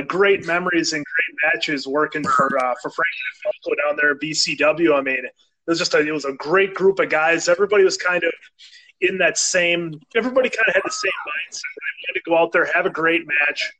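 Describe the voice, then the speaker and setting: A man's voice: a little high, a little fast, pushed and bright, poor audio. A man, a fellow wrestler, chatting casually and laughing easily as he reminisces. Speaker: guest wrestler. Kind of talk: casual chat.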